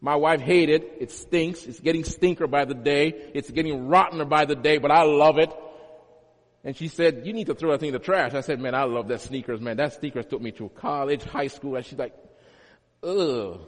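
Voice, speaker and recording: A man's voice: fairly high pitch, fairly even intonation, moderate pace. A male pastor preaching a sermon, teaching with emphatic repetition and homely everyday examples. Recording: long hall reverb.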